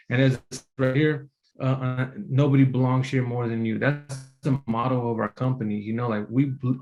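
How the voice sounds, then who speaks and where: At a business meeting, an apprentice speaker with a mid-range, slightly mellow voice tells the audience his personal story, captured in dull audio. He rambles casually, full of fillers and restarts, sounding earnest and emotional.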